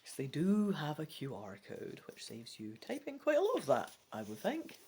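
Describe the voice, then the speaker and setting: A woman hosting a let's play, reading the rules of a gamebook aloud and thinking aloud between sections, often dropping into soft muttering. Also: low-pitched, huge pitch swings, moderate pace, husky.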